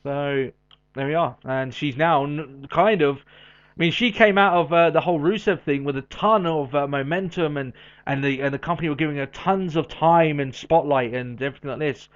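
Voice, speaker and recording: A man with a somewhat high voice co-hosts a podcast in loose, casual chat. He talks in an animated way, drops in quick asides and laughs a lot. The audio is muffled and lo-fi. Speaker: podcast co-host. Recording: dull lo-fi audio.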